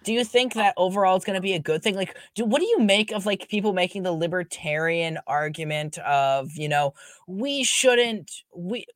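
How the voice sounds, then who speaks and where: A man's voice: sits high, animated, normal speed, dry recording. A young man as a podcast guest, talking earnestly in casual chat and filling his sentences with "like". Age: young adult. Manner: earnest, filler-heavy, lots of "like".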